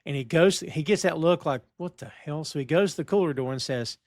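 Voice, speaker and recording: A man's voice: on the high side, fairly quick, no room sound, studio quality. A man co-hosting a TV review podcast, recapping scenes bluntly and acting out the characters' lines. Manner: blunt, acts out quoted lines. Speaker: podcast co-host. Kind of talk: casual TV review chat, recapping plot.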